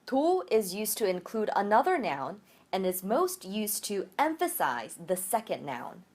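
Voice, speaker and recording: A woman language teacher giving a recorded virtual lecture, explaining grammar clearly and methodically. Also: medium pitch, very animated, a little slow, darkish tone.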